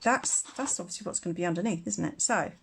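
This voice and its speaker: A woman's voice: lowish voice, fast talker, gravelly, noisy background. A woman teaching a casual live craft demonstration, chatty and rambling, laughing often. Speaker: craft tutor.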